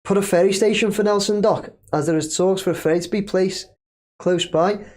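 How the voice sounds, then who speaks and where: A man's voice: high voice, fairly even intonation, fairly quick, darkish tone. A man hosting a casual live stream, chatting loosely, reading viewer comments aloud and laughing easily. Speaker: livestream host.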